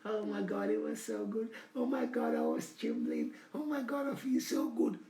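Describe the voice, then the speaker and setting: A man voicing a lovestruck young woman in a breathy, gushing falsetto. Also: normal speed, dark tone, reverberant, a little hiss or hum. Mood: swooning.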